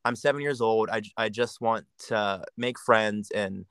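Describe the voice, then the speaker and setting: A man's voice: fairly low pitch, unhurried, a bit bright, clear, resonant tone, dry recording. A young man from Jamaica with an American accent, a podcast guest talking casually and reflectively, often restarting and repeating words. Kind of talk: casual chat.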